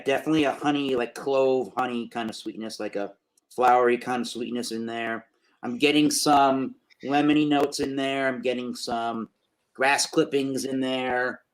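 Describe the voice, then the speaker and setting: A man's voice: mid-range voice, poor audio. A man hosting a casual beer review show, rambling through tasting notes with plenty of fillers.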